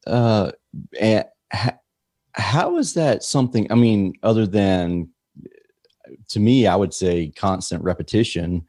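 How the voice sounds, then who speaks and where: A man hosting a podcast, asking questions in a casual, rambling way with halting restarts. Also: lowish voice, darkish tone, no echo, clean studio sound. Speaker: podcast host.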